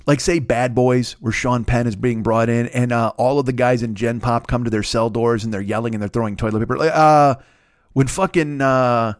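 A man's voice: medium pitch, steady tone, normal speed, dry recording, studio quality. A man hosting a podcast, telling a rambling, profane, self-mocking story in casual chat, with bursts of laughter. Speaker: podcast host. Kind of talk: casual comedic monologue.

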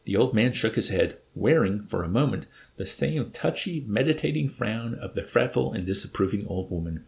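A man narrating a novel in measured, expressive storytelling. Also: low voice, vocal fry. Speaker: audiobook narrator. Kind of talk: scripted narration.

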